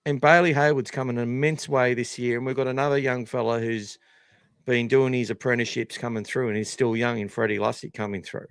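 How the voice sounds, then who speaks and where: A man's voice: medium pitch, fairly quick, gravelly, clear, resonant tone, no room sound. Blunt Australian man, dry sound. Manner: blunt, sweary, animated opinions. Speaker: podcast host. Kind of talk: casual live podcast chat.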